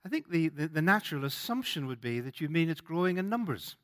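A man's voice: a little high, big pitch swings, fast, a bit bright. A man with a Northern Irish accent, giving a sermon as a guest preacher in a conversational way, with frequent fillers and restarts. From Northern Ireland.

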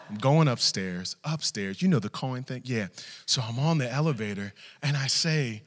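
A male pastor telling a family story in a sermon, animated and acting out the voices of his wife and daughters. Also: mid-range voice, normal speed, in a large hall.

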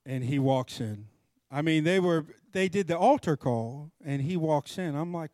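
Animated middle-aged man preaching, dry close sound. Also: a little high, a little slow, no echo. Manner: animated storyteller, acts out both sides of dialogue. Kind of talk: storytelling sermon.

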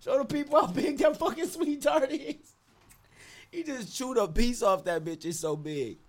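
A man's voice: very high voice, normal speed. A man co-hosting a casual chat, joking and riffing with friends. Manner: joking, riffing, laughing often. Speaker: podcast co-host.

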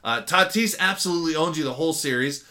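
A man's voice: fairly high pitch, fast, sharp tone. A man co-hosting a podcast, ranting about sports in a blunt, exasperated way. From San Diego area. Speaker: podcast co-host. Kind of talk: casual sports chat.

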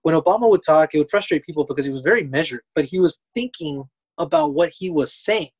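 A man's voice: on the high side, animated, quick pace, slightly rough. A man in casual chat, laid-back and explaining his point with a few restarts.

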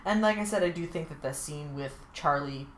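A woman co-hosts a podcast in a chatty, rambling way, peppering her recap with fillers. Her voice sits a little low, and the recording has a roomy echo around it. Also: a little hiss or hum. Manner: chatty, many fillers like "like", "um" and quick asides. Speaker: podcast co-host. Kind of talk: casual chat recapping a TV episode.

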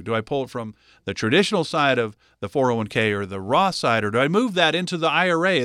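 A man's voice: a little high, a bit bright, no room sound, clean studio sound. A man co-hosting a radio finance talk show, chatting casually and playing the curious layman.

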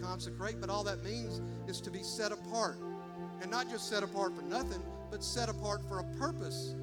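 A man preaching a sermon in a church, fervent and direct, calling the congregation "y'all". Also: sits high. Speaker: pastor. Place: church sanctuary.

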